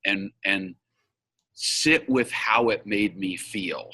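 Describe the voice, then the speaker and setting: Forceful, frank male interview guest. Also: fairly low pitch, takes it slowly, slightly rough, rough recording. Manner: emphatic, frank, blunt with occasional swearing. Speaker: guest, business coach and facilitator. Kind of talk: candid interview conversation.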